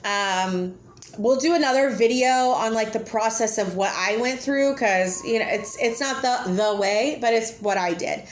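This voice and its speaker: A woman talks straight to camera, blunt, chatty and quick to laugh. Her voice sits a little high for a woman. The room around her rings with echo. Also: a little hiss or hum. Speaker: vlogger. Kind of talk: casual talk to camera. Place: home with children nearby. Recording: echoey room.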